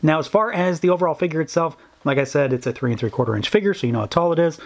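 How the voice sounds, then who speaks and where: A man with a slightly higher voice reviews toys in a loose, chatty way. He sounds keen and excited and often fills gaps with "uh". He keeps the talk friendly and easygoing. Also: very fast, creaky. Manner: enthusiastic, chatty, lots of fillers. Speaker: toy reviewer. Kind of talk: casual product review.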